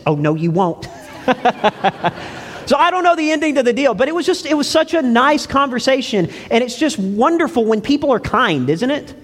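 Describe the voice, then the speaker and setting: High-pitched preacher guy telling stories to his church, lots of reverb. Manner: folksy storytelling, asks the congregation. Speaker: pastor. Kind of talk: sermon.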